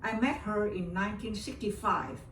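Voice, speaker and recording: An older woman originally from Vietnam, speaking accented English as a second language, recounts a personal story with emotion as an interview guest and often repeats herself. Her medium-pitched voice is a bit bright, at normal speed. Faint hiss sits behind a roomy, distant recording.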